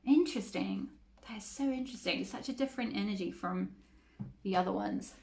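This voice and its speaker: A woman's voice: medium pitch, brisk, creaky, a little mellow. A woman giving a casual tarot reading to her viewers, chatty and rambling, with lots of fillers. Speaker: tarot reader.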